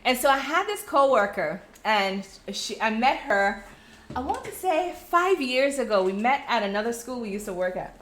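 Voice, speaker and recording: A middle-aged woman with a Crucian accent from St. Croix, chatting casually on a live stream, reading out viewers' comments and telling stories in a friendly, animated way. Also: a little high, moderate pace, slight background noise. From US Virgin Islands (St. Croix). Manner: chatty, animated storytelling with friendly direct address. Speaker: host of a live check-in stream.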